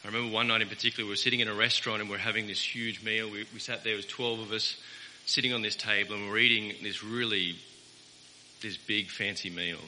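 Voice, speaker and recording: A man's voice: lowish voice, flat delivery, fast, pushed and bright. A man preaching a sermon as pastor, earnest and emphatic, repeating key words for weight. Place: church. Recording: reverberant church hall with faint hiss.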